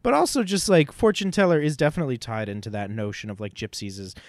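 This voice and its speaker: A man co-hosting a casual podcast chat, talking in an animated, sarcastic way with frequent swearing. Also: medium pitch, fast talker, dry recording, studio quality. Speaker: podcast co-host.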